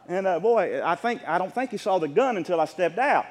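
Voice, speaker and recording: A middle-aged male pastor preaching a sermon to his congregation, telling a story with animation and at times shouting out the lines. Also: sits high, animated, fast talker, hardly any pauses. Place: church sanctuary. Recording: echoey hall with long reverb.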